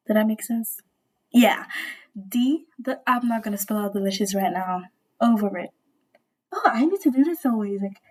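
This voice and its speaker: Young woman, slightly sick, casual slangy storytime, rambling, gushing, higher-pitched. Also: normal speed, darkish tone, rough recording. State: a little sick with a cold. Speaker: vlogger.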